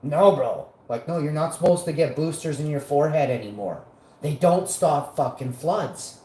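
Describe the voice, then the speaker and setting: A man's voice: on the high side, lively intonation, normal speed, warm tone. A man hosting a live show, ranting in a profane, combative and mocking way. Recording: roomy echo.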